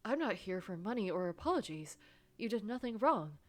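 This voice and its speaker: A woman voicing a playful, warm-hearted young man in a game, speaking lightly and earnestly. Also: medium pitch, sing-song, fairly quick, lightly acted.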